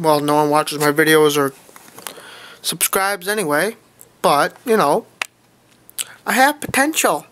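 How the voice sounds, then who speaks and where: A man's voice: fairly high pitch, expressive, a little slow, pauses often, a bit bright. A young man giving a casual, rambling vlog update into a handheld music player, offhand and self-mocking. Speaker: vlogger. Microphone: handheld music player camera.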